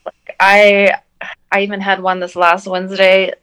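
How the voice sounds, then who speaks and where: A woman co-hosting a podcast in casual chat, making quick, frank remarks. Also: medium pitch, monotone, fairly bright tone, clean tone.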